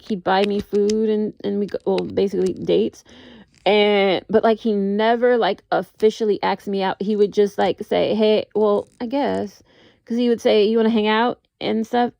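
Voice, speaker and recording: A woman's voice: mid-range voice, steady tone, normal speed, creaky, mellow, lo-fi sound. A woman talking in a casual, rambling vlog monologue, full of "like" and restarts as she tells dating stories. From United States. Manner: rambling, heavy use of "like", frequent restarts. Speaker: vlogger.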